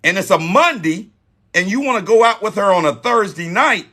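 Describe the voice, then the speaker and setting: A man in his forties with a high, bright voice gives dating advice live. He talks emphatically and drives points home by repeating them. He sounds friendly and direct. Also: lively intonation, normal speed. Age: 40s. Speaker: host.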